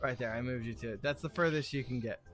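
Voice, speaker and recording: Guy running d&d on stream, loose and laughing, bright voice, music faint in back. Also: mid-range voice, fast. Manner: laughing, loose, swings between quiet asides and voices. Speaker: game master. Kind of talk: running a tabletop game on a livestream. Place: home streaming setup.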